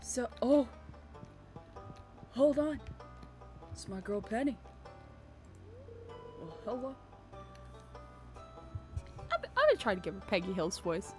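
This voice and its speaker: A woman's voice: a little high, animated, slow pace, long pauses, faint music behind. A woman chatting casually and rambling while playing a farming game. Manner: rambling, lots of fillers and restarts. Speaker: gamer.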